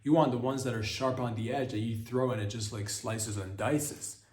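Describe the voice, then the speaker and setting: A man's voice: mid-range voice, normal speed, a little mellow. A man hosting a podcast, rambling through a crude comedic monologue full of stumbling restarts. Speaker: podcast host. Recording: roomy echo.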